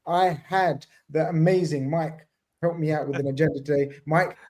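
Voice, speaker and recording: A man hosting a casual fan panel over a video call, playful and excitable with jokey banter. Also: fairly high pitch, normal speed. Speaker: podcast host.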